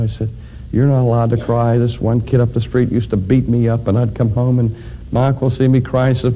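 A man preaching a sermon, addressing his congregation directly and building to loud, emphatic climaxes. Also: on the low side. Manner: addresses audience directly with questions.

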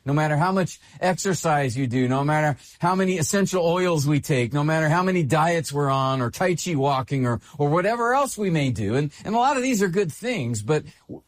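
A male pastor delivering a sermon with a slightly raised voice and a very lively pitch that swoops up and down. He leans on emphatic repetition to drive each point home. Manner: expressive preaching with emphatic repetition.

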